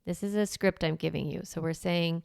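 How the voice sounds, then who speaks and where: Female podcast host, instructional and direct, light vocal fry, dry close sound. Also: on the low side, steady tone, moderate pace, darkish tone, no echo. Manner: direct coaching, frequent "okay?" and "right?" check-ins; walks through step-by-step scripts.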